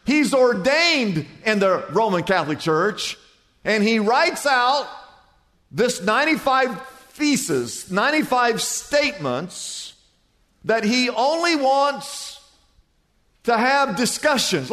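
A man preaching a sermon to a congregation as pastor, telling a joke with lively acted-out voices. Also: very high-pitched, slow. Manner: animated storytelling, acts out characters in a joke. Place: church hall before a congregation. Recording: long reverb of a church hall.

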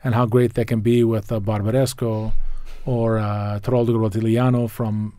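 A wine expert guest with a fairly low, dark voice and little pitch movement talks food and wine pairings at normal speed, with no echo. He's enthusiastic and rambling, often restarting sentences and spelling out wine names in this casual chat.

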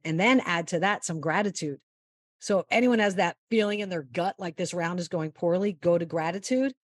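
A woman golf mental-game coach giving a long, animated interview answer and acting out the quotes in her story. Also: low-pitched, no room sound, clean studio sound.

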